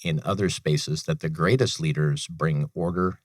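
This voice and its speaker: Deep-voiced man, earnest veteran guest. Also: steady tone, normal speed, no room sound, clean studio sound. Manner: earnest, personal storytelling with repeated phrases. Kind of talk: interview talk on a business radio show.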